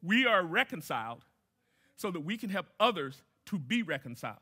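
Bright-voiced man preaching a sermon. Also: high-pitched, big pitch swings, moderate pace, slightly rough. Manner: emphatic, repeats key phrases; asks the congregation questions. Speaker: guest pastor.

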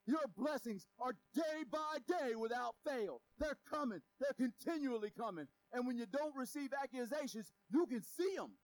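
Guy preaching, high voice, chatty and lively, gets loud then goes real quiet. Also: normal speed, few pauses, low-quality recording. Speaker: pastor. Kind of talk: sermon.

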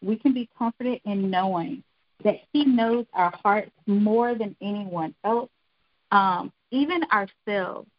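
A woman's voice: mid-range voice, slow, no room sound, lo-fi sound. A middle-aged woman giving an earnest, encouraging devotional talk, repeating phrases for emphasis. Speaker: devotional speaker.

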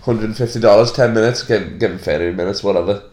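A man's voice: fairly low pitch, fast talker, darkish tone. An Australian man hosting a comedy podcast, rambling and joking crudely in casual banter. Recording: echoey room.

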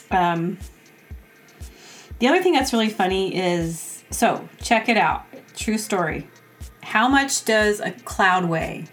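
A woman's voice: mid-range voice, a bit bright. A woman hosting her own podcast in a casual solo monologue. She rambles, jokes, laughs often and acts out little quoted exchanges. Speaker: podcast host.

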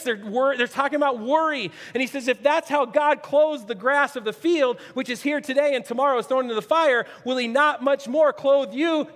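A male pastor preaching a sermon with earnestness, swinging from near-shouts to hushed, low asides. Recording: long reverb, echoey hall.

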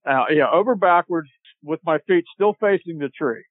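A man telling a long hunting story as a podcast guest, animated and laughing as he goes. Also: fairly high pitch, moderate pace, no echo. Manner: animated, laughs while telling, acts out shouted quotes. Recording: tinny dry phone-line audio.

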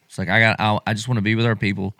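A man's voice: on the low side, very fast, no echo, clean studio sound. A middle-aged man, a pastor hosting a podcast, talking casually and emotionally, acting out quotes as he goes. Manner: animated, emotional, acts out quotes.

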